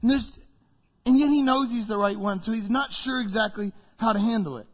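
A high-pitched, brisk male preacher comes through with lo-fi sound. His sermon brings biblical figures to life, each acted out vividly with a lively quoted voice as the story unfolds.

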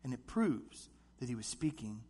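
A man preaching a sermon, animated, acting out short voices as he goes. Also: mid-range voice. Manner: animated, acts out voices in quick asides. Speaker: pastor.

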